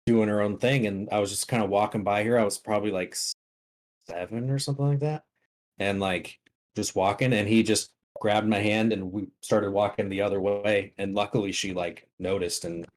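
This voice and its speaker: A man's voice: fairly low pitch, fairly even intonation, moderate pace. A young man telling childhood stories in casual chat, laid-back and swearing now and then. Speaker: podcast co-host.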